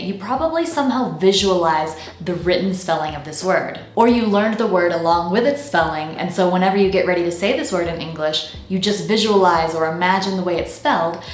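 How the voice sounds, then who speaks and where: A woman with a General American accent gives a scripted pronunciation lesson, speaking clearly and slowing down to model each word. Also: mid-range voice, reverberant. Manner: clear, deliberate, slows down to model words. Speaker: pronunciation teacher.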